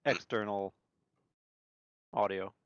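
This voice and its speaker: A man's voice: on the low side, fairly even intonation, takes it slowly, a bit bright, clear, resonant tone, dry recording, muffled recording. A man playing a tabletop game, talking wryly and sarcastically with some swearing. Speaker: player.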